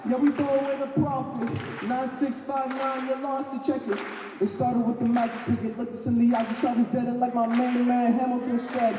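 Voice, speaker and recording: A man's voice: very high voice, flat delivery, normal speed. A teenage boy performing a rap with call-and-response on a large stage. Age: teens. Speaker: student performer. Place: large opera house stage. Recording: echoey hall from far off, noisy.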